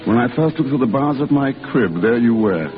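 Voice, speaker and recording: An actor playing a young man back home who clowns around and then haltingly confesses his love, in 1940s film style. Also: mid-range voice, expressive, lightly acted. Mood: earnest. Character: young man home from service, joking and lovesick. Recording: tinny old film soundtrack with music.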